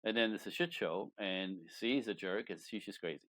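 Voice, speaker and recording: A man, a relationship coach, talking as a guest in an interview with emphatic, animated delivery. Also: lowish voice, moderate pace. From Canada. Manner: animated, emphatic, acts out quoted voices. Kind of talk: conversational interview.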